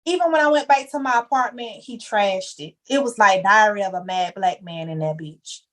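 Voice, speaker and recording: A woman's voice: mid-range voice, normal speed, fairly bright tone. A young woman talking candidly as a podcast guest, telling her story with heavy slang and emphasis. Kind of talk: casual chat.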